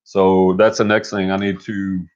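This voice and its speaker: A middle-aged man co-hosting a casual live stream, energetic and motivational, rambling with restarts. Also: sits low, a little slow. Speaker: co-host. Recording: dull lo-fi stream audio.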